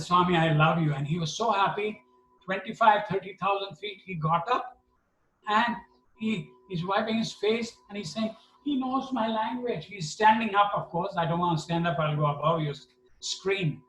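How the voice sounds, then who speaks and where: A man's voice: a little high, a little hiss or hum. A middle-aged man telling a personal story at a devotional gathering, acting out the dialogue. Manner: animated, acts out dialogue. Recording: echoey hall, mic at a distance.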